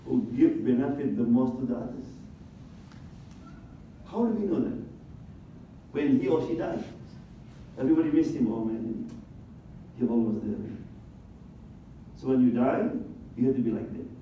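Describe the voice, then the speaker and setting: An Indonesian imam with a medium-pitched voice gives an animated religious talk in a large conference hall, asking the audience questions and acting out little scenes. He speaks at a normal pace with long pauses. A distant mic makes the sound echoey and dull, with a slight hiss or hum.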